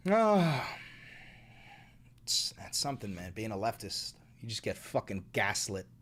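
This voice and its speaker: A man's voice: fairly low pitch, very animated, takes it slowly, pauses often. A man streaming live, giving sarcastic, profane commentary while reacting to posts and videos.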